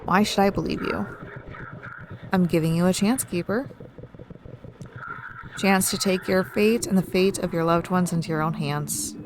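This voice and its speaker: Woman reading a low, hushed, menacing male voice for a horror game, slow and all-seeing. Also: steady tone, noisy background, natural voice. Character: sinister unseen male voice, all-seeing tempter. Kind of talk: reading game dialogue aloud.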